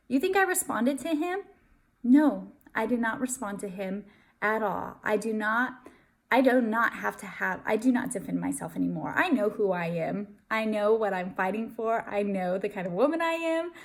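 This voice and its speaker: A woman's voice: on the high side, normal speed. A young adult woman giving earnest, emphatic relationship advice straight to her viewers in casual talk. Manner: earnest and emphatic, addresses viewers as you guys. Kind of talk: casual direct-to-camera talk.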